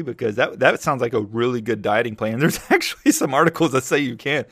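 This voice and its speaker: Male podcast host, casual solo talk, loose joking delivery with big excited pitch jumps. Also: quick pace, gravelly, hardly any pauses, no echo. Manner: animated storytelling, jumps high when excited.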